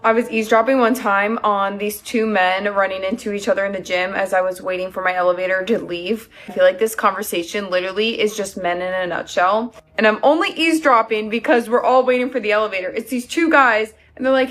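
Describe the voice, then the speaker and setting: A woman's voice: mid-range voice, steady tone, fairly quick, few pauses, fairly bright tone. A woman casually telling an amused anecdote to camera, chatty and filled with "like.". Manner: chatty, amused, full of "like" and "oh my gosh". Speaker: social media creator.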